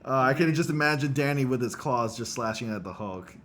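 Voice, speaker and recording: A man hosting a casual livestream chat on a studio condenser mic, animated and laughing often. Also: medium pitch, brisk, slight background noise. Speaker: livestream host.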